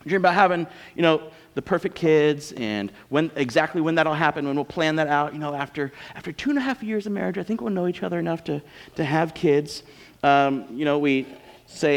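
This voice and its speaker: A man's voice: fairly high pitch, lively intonation, brisk, vocal fry. A man with an American accent preaching a sermon as a pastor, conversational and joking. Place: church auditorium. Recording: long reverb of a church hall.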